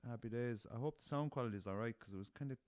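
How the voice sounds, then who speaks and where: A man's voice: medium pitch, rapid-fire, a little mellow, dry recording. An Irish man hosting a podcast, rambling through a story in casual talk, swearing freely and calling his listeners lads. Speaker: podcast host. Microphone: podcast recorder with laptop.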